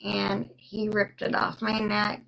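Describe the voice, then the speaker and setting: A young woman tells a personal story on a live stream, slow and halting, with many pauses and fillers, stopping now and then to thank viewers. Her medium-pitched voice is gravelly, a bit bright and completely flat, and the recording quality is low.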